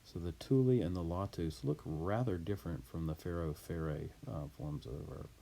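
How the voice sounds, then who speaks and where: A man teaching Latin, reading a text aloud and explaining it deliberately, word by word. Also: sits low, dark tone.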